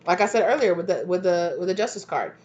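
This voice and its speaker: A woman in a casual spoken tarot reading, with a fairly low voice that leaps up when she acts out other people's lines. She's blunt, swears without a second thought and keeps the talk animated. The recording is dull and lo-fi. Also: fast talker. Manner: animated, acts out both sides of arguments in sudden high voices. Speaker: tarot reader.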